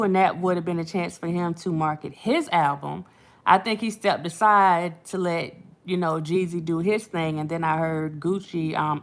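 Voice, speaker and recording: Chatty woman, gravelly laughing commentary. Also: lowish voice. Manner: chatty, laughs often, animated retelling. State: has a headache. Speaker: channel host. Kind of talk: casual late-night commentary chat.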